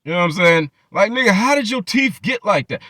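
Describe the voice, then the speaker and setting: Bright, lively profane male commentator. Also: high-pitched, brisk, no room sound, clean studio sound. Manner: mocking, profane rants with many repetitions. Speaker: channel host.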